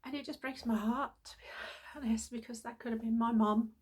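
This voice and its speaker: A woman's voice: a little high, fairly even intonation, fairly quick, darkish tone, husky. Earnest middle-aged woman telling a story. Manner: earnest, heartfelt, rambling. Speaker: vlogger. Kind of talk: casual personal storytelling.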